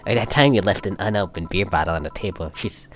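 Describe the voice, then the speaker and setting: Male fan as a subdued young woman, measured and soft-spoken, low-pitched, light music behind. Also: close to an everyday voice. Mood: fond. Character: calm young woman, grieving sister, matter-of-fact. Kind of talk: fan voice acting of a visual novel.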